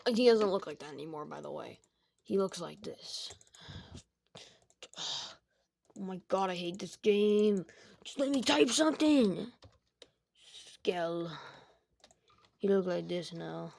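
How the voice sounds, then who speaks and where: A woman improvising a silly game story. She rambles and jokes, often stopping herself mid-thought. Her mid-range voice has a gravelly crackle. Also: medium pitch, a little mellow. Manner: rambling, jokey, self-interrupting.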